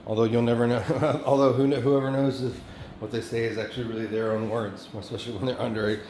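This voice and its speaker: A man's voice: medium pitch, flat delivery, darkish tone. Man rambling in an echoey, noisy room. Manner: profane, halting, many restarts and fillers. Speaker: vlogger. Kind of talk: rambling self-recorded monologue.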